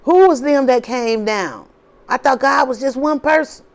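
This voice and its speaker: A woman's voice: sits high, unhurried. A woman hosting her own video channel, talking casually and preachily to viewers, repeating herself and firing off rhetorical questions in an informal, drawling way. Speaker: spiritual video host.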